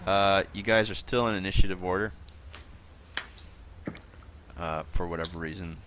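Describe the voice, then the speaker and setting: A man's voice: sits low, normal speed, fairly bright tone, slight background noise. A man running a tabletop game as game master, talking casually and loosely with lots of fillers.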